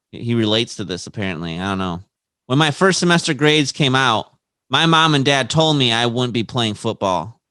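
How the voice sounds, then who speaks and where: A man's voice: mid-range voice, sharp tone, dry recording. Man co-hosting a casual podcast. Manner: laughs between reading quotes aloud. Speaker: podcast co-host.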